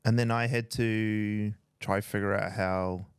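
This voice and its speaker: A laid-back man with a lowish voice. He chats sarcastically and swears casually as he hosts. The recording is dry and close. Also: fairly even intonation, slow, clean tone, no echo. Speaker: podcast host, business owner. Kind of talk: casual chat.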